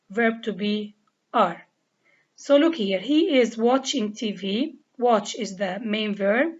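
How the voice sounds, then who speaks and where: Lebanese woman teacher, deliberate and slow, spells words out letter by letter, muffled lo-fi sound. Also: fairly high pitch. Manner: spells out letters and repeats each rule step by step. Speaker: English teacher. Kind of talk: slow, deliberate grammar lesson. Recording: dull lo-fi recording.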